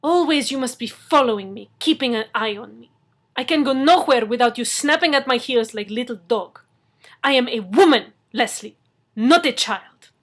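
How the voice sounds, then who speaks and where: Woman reader doing a proud, prickly heroine, stiff broken English, slightly high voice. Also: moderate pace, fairly bright tone, lightly acted. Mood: indignant. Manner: indignant, drops articles. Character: proud, fiery woman speaking stiff, article-dropping English. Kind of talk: audiobook reading.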